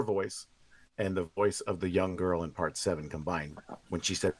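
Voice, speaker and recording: A man, a film director guest, recounting behind-the-scenes stories in quick bursts over a video call. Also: sits low, steady tone, dry recording. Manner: storytelling, quick-talking in bursts. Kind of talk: casual anecdote.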